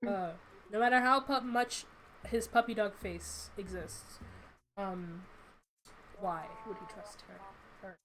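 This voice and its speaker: A woman hosting a casual stream, talking through her comic and acting out the characters' lines in quick, animated bursts. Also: background noise. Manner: animated, puts on squeaky character voices when quoting.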